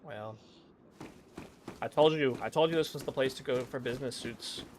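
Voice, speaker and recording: Man, gaming streamer, casual rambling chat, self-deprecating, mumbled asides, mid-pitched voice, noisy background. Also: normal speed. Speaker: streamer playing a role-play game.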